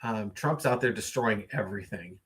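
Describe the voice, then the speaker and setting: A man's voice: fairly low pitch, moderate pace, a bit bright. A man hosting a casual late-night live stream, musing at length with many fillers and reading out viewer comments. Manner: reads viewer comments aloud and greets viewers.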